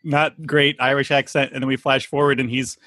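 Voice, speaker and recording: A man co-hosting a podcast, joking in a dry, deadpan way in casual chat. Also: mid-range voice, a little fast, no room sound. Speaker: podcast co-host.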